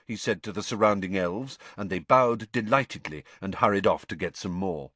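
A man reading a children's novel aloud as an audiobook narrator, expressive storytelling. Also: lowish voice, normal speed, few pauses, no echo. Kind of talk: scripted narration.

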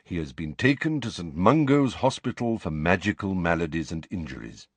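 A man voicing a calm, commanding elderly wizard headmaster who speaks in a measured, grave way. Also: sits low, dry recording.

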